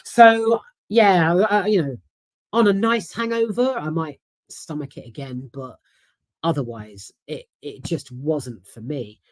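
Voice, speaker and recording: A woman's voice: deep voice, slow, no room sound. A woman with a London accent, casually giving a candid, swear-filled film review. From South London. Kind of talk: casual chat.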